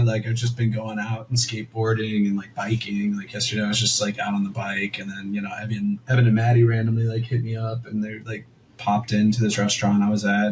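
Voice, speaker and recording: A man's voice: fairly low pitch, a little mellow, slight background noise, poor audio. A young man co-hosting a podcast, telling a story in a rambling, casual way full of "like" and quoted asides. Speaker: podcast co-host.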